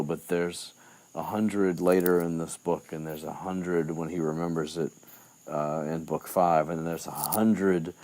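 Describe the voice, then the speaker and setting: A man's voice: a bass voice, a little mellow. A man recapping a book chapter in loose, rambling chat, with lots of fillers and restarts. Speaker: podcast host.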